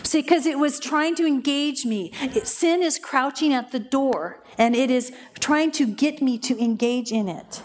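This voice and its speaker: A woman minister recounts a ministry session in an animated, humorous way, with a fairly high voice. She acts out each person as she tells it, and a faint hiss sits under the recording. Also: unhurried, hardly any pauses. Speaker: inner healing minister. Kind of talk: storytelling talk.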